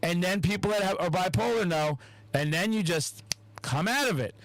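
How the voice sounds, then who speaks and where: High-voiced, expressive man on a podcast. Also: normal speed, dry recording, poor audio. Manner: animated, heavy swearing, acts out quotes. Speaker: podcast host. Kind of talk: casual podcast chat.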